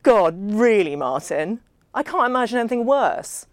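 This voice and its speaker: A woman reading the part of a brash, drunk man who talks loudly and bluntly at a dinner party. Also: fairly high pitch, sing-song, moderate pace, no room sound, clean studio sound, pitched above the performer's own voice. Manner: loud, blunt, dismissive. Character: brash, drunken, swearing male host at dinner.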